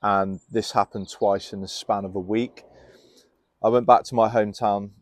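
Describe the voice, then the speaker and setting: A young man with a fairly low voice talks through candid stories in a relaxed podcast chat. He speaks with animation and laughs easily as he makes his points. The sound is close and dry, recorded outdoors in a garden. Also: normal speed, no room sound. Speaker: health and fitness coach, guest. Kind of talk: casual podcast conversation.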